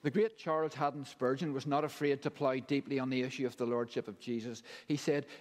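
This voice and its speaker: A man delivers a sermon at a middle pitch, slow and emphatic, pausing between phrases. His voice carries a long reverb, as if it fills a large church hall. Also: darkish tone. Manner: measured, emphatic preaching with deliberate pauses. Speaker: preacher.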